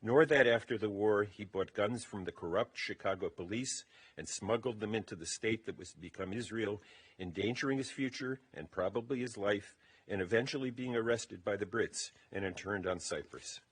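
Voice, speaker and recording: A man with a low, slightly husky voice gives a eulogy at a funeral service. He reads his remarks at a measured pace. The delivery is steady and deliberate. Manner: measured, reading from a text.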